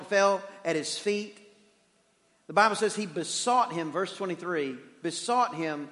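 A man preaching a sermon as pastor, animated, swinging from shouting to hushed tones. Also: high voice. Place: church sanctuary. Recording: reverberant church hall.

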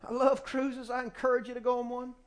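A man with a strikingly high voice delivers a folksy, animated sermon in a church. He talks into a handheld microphone, and he often acts out bits of talk from his family. Faint music plays behind him. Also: a little fast. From small-town US. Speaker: pastor.

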